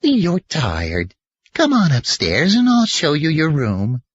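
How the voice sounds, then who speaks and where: A man's voice: a little high, wildly swooping pitch, slow pace, no room sound, dull audio, voice pushed up, full character voice. A man voicing a kindly old grandmotherly landlady with a chatty, homey manner. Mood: gentle.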